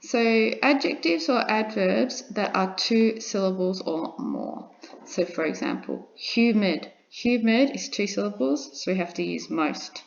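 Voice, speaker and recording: A woman's voice: mid-range voice, expressive, measured pace, gravelly. A woman teaching an English grammar lesson, patiently repeating examples and checking in with her students. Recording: dull lo-fi recording.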